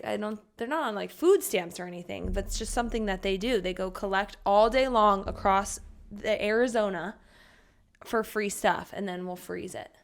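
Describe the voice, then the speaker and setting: A woman co-hosting a podcast, telling stories in casual chat with a lot of "like". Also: mid-range voice. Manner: animated storyteller, heavy use of "like". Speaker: podcast co-host.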